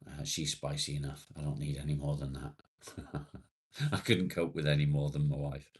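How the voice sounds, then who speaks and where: A man's voice: very deep voice, steady tone, normal speed, breathy edge. A man from England hosting a casual livestream, reading and answering chat comments bluntly and swearing freely. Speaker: livestream host.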